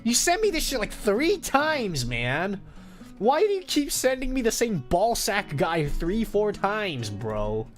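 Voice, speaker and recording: Guy vtuber ranting and laughing, swears a ton, bouncy pitch, soft guitar music behind. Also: wildly swooping pitch, slow. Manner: crude, joking, trash-talking chat, laughing often. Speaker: VTuber streamer. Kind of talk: casual chat stream.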